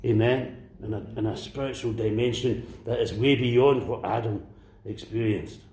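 A man preaching a sermon to a congregation, swinging between impassioned near-shouts and hushed whispers. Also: lowish voice, moderate pace, reverberant. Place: church.

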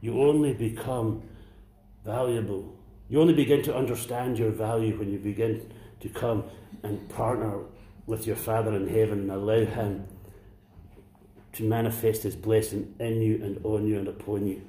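A man preaching a sermon to a congregation, swinging between impassioned near-shouts and hushed whispers. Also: fairly low pitch, steady tone, moderate pace, roomy sound. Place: church.

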